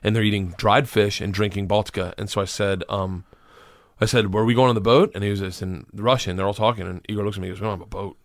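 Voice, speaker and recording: A man's voice: on the low side, steady tone, fast, dry recording, clean studio sound. A man, a comedian, telling a rambling, profane story in casual conversation, now and then acting out the people in it. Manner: rambling, profane, acts out voices of people in his stories. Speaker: comedian guest.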